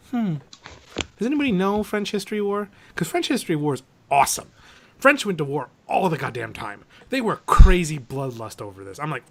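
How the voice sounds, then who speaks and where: A man co-hosting a casual movie podcast, ranting and swearing as he picks apart a film. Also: a little fast. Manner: animated ranting, swears, mocks with sudden pitch jumps. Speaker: podcast co-host. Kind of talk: casual movie review chat.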